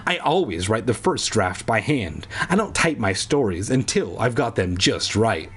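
A man playing an anxious schoolboy who writes stories, speaking in a shrill, whiny way. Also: big pitch swings, a little slow, a bit bright, breathy edge, full character voice.

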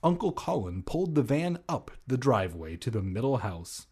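A man's voice: mid-range voice, sing-song, moderate pace, mellow, husky. A man reading a children's book aloud, breaking in with jokey asides. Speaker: reader.

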